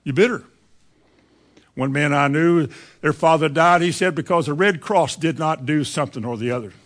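A man delivers a sermon in a plainspoken, down-to-earth way. His voice sits a little high for a man, and he slips into mimicking the voices of bitter people as he preaches. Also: moderate pace.

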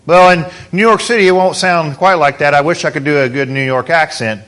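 A man's voice: a little high, brisk, fairly bright tone. A man preaching a sermon as pastor, in a conversational way, asking the congregation questions.

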